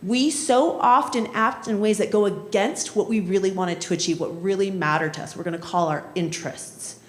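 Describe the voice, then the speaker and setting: A woman trainer talks a workshop group through conflict skills in a loose, conversational way. She tosses in "right?" as she goes. Her voice sits at a middle pitch and bounces around a fairly reverberant room. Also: moderate pace, a little hiss or hum. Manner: conversational, often adds "right?" and acts out quoted voices. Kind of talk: workshop lecture with storytelling. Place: municipal training session room. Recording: echoey room.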